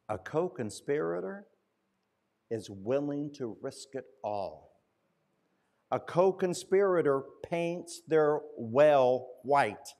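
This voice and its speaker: A male pastor telling a story in a sermon, conversational, slowing down and dropping to a hush at key points. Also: a little high.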